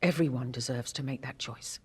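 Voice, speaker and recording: An actress playing a dignified older society woman in a period drama, grave and measured. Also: very deep voice, a little mellow, breathy edge, full character voice.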